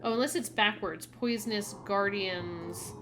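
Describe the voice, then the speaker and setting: A woman's voice: medium pitch, a little slow, background noise. A woman giving casual commentary while playing a game, chatty and musing aloud. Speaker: gameplay streamer. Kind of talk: casual let's-play commentary.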